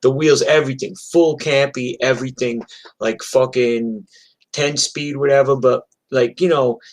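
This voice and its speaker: A man from New York tells wild stories from his past in a loose, swearing rush. He acts out the blows and shouts as he talks. His voice sits at an ordinary middle pitch. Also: a little slow. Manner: profane, animated street storytelling. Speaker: host telling stories. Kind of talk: casual storytelling. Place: streamed from home.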